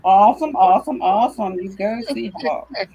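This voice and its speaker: A woman's voice: medium pitch, moderate pace, warm tone, a little hiss or hum, poor audio. A woman hosting a casual video call chat, easygoing and laid-back. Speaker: host.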